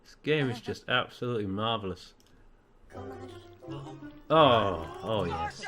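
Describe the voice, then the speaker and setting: A man's voice: a little high, very animated, a little slow, long pauses, fairly bright tone. A man commenting on a video game he is playing, sarcastic and prone to laughing and swearing. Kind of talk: let's play commentary.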